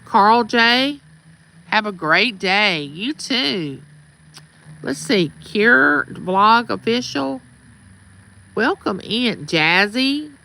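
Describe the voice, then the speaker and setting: Drawing out her words with vocal fry, this woman speaks expressively in a mid-range voice with a sharp tone. She's a middle-aged Southerner from Mississippi hosting a casual livestream outdoors at home, greeting viewers by name, on a rough recording.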